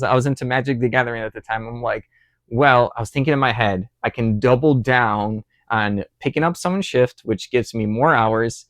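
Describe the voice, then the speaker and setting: A young man hosting his channel, casually telling a rambling personal story, with lots of fillers and restarts, lifting his voice high and loud when he acts out what he said. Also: no room sound, clean studio sound. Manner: animated, acts out quotes with rising voice. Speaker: channel host.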